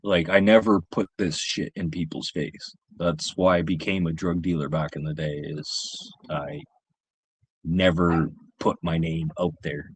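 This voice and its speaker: Casual male streamer, low-pitched, dry sound, swears constantly while storytelling. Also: a little slow, husky, no echo. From Canada. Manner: profane, rambling, animated anecdote-telling. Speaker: livestream host. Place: home livestream setup.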